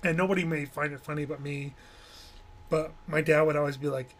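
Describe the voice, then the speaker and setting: A man's voice: on the high side, fairly even intonation, fairly quick, a bit bright. A man hosting a podcast in casual, playful chat, full of jokes. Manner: joking and playful. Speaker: podcast host.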